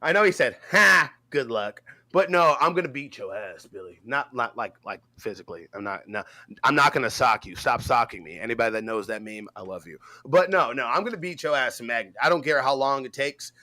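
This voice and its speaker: A man co-hosting a live stream, chatting casually and breaking into loud shouted rants. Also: medium pitch, animated, fairly quick. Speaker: co-host of a live stream show.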